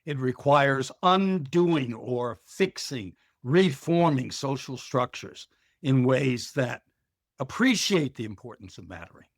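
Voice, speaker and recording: An older man, a professor, speaking slowly and earnestly as a podcast guest, with a dry wit. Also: medium pitch, lively intonation, no room sound. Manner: measured, earnest, with dry sarcasm. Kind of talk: podcast interview.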